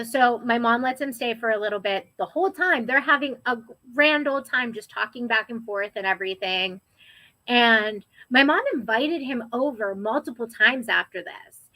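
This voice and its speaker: Bright-voiced woman telling her story. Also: fairly high pitch, no echo, poor audio. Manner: animated, quotes people in raised voices. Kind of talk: casual storytelling.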